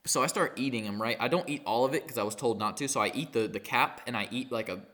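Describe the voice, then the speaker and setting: A teenage boy rambling through a storytime vlog while high, halting and full of fillers and swearing. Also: fairly bright tone. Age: teens. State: high on cannabis. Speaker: vlogger.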